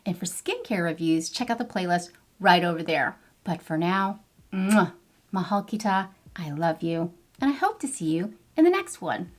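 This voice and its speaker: A woman's voice: on the low side, sing-song, moderate pace. A middle-aged woman vlogging a chatty makeup review to camera, bubbly and playful with frequent exclamations. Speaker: beauty vlogger.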